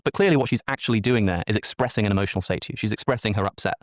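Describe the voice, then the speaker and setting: A man's voice: lowish voice, rapid-fire, hardly any pauses, dry recording, studio quality. A man explaining an idea analytically in a played clip, talking articulately and acting out brief quotes. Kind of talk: explanatory talk.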